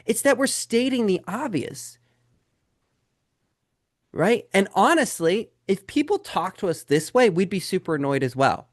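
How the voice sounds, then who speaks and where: A man's voice: high voice, very animated, unhurried, dry recording, clean studio sound. A man teaching a live sales webinar, talking straight to his audience and firing rhetorical questions at them. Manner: addresses listeners directly as "guys". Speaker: real estate sales trainer.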